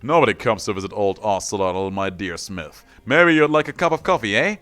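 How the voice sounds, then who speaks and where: A man's voice: lowish voice, lively intonation, brisk, fairly bright tone. A man voicing an evasive old hermit who plays dumb, reading game dialogue aloud. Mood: feigning innocence.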